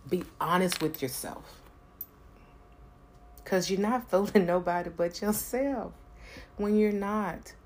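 A woman's voice: lowish voice, darkish tone. A woman talking earnestly and emphatically about personal growth and spirit, swearing now and then for emphasis. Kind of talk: personal reflective talk to camera.

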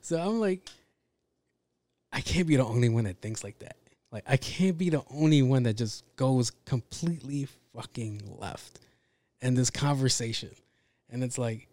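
A man's voice: medium pitch, moderate pace, warm tone, no room sound. A man hosting a podcast, talking in a casual, rambling monologue full of swearing and self-interruptions. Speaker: podcast host.

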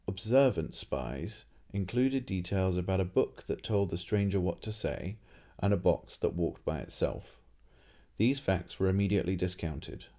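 A man narrates a story aloud in a steady way, sometimes restarting a phrase. His voice is deep and mellow. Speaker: reader.

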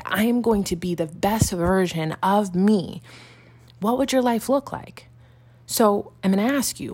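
Woman hosting a pep-talk podcast, kinda low and gravelly, super gushy and emphatic. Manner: gushing, repetitive, emphatic. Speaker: podcast host. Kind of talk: motivational podcast monologue.

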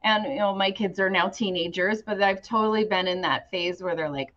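A woman's voice: mid-range voice, brisk, hardly any pauses. A woman in her forties hosting a casual interview and encouraging her guest. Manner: encouraging, warm affirmations. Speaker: host. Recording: slightly dull, lo-fi audio.

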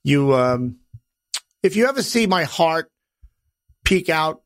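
A middle-aged man hosts his own podcast, talking in a blunt, profane, gruff wise-guy way. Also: a little high, very animated, takes it slowly, dry recording, studio quality. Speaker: podcast host. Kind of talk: personal podcast monologue.

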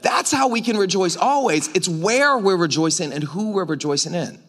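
High-voiced joking pastor. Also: male voice, moderate pace. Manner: joking, conversational, animated preaching with audience asides. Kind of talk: casual sermon. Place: church sanctuary.

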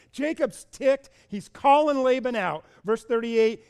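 A man preaching a sermon, retelling a scripture story with lively asides and acting out the people's voices. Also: very high voice, unhurried, hardly any pauses, clean tone. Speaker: pastor.

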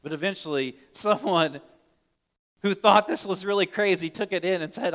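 A man preaching a sermon earnestly, swinging between loud urgent lines and hushed soft ones, often repeating words as he restarts. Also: high voice, normal speed, big-room sound. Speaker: pastor.

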